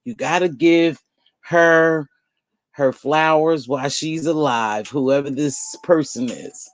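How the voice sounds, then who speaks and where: A woman's voice: sits low, takes it slowly, no room sound. An older woman giving blunt, exasperated live commentary to her viewers. She uses casual slang and repeats words for emphasis. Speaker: online commentator.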